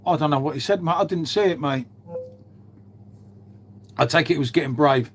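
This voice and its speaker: A man, chatting casually on a live stream. His voice sits a little high for a man. He swears freely and trades banter as he reads and answers viewers' messages. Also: moderate pace, a little hiss or hum. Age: 50s.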